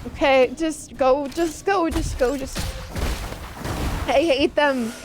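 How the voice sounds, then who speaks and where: A young adult woman streaming a video game, chatting casually and reacting out loud to the game and her chat. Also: high voice, slow pace, over music. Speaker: VTuber streamer.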